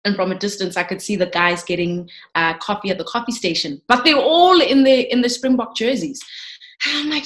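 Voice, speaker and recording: A woman's voice: fairly high pitch, fast talker. A woman in her thirties, a sports broadcaster, telling her story in an interview with feeling and many repeated words. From South Africa. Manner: emotional, animated, repeats words when moved.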